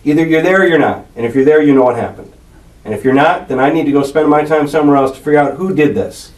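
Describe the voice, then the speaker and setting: A man's voice: a little high, fast talker, darkish tone. Confrontational male detective in echoey room. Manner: confrontational, swearing, accusing. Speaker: police detective interrogating a suspect. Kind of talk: police interrogation. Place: interrogation room. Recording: echoey room picked up from far off.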